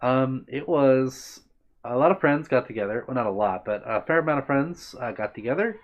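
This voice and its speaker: On his livestream, a man with a medium-pitched, animated voice chats casually at a moderate pace, reading comments and answering viewers by name in a friendly, rambling way. The recording sounds muffled.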